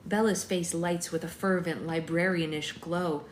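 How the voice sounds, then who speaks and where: A woman's voice: lowish voice, steady tone, measured pace, few pauses, slight background noise. A woman hosting a book club, reading a novel aloud steadily with chatty asides. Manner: reads steadily, voicing characters, chatty asides. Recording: roomy room echo.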